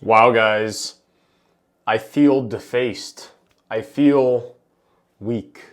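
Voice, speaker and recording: Young guy filming a home vlog, chatty and jokey, avg pitch, camera mic drifting closer and farther. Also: extremely slow. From New Hampshire, USA. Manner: chatty, jokey, talks to camera while working. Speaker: fish-keeping vlogger. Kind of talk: casual vlog chat. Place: home basement and rooms.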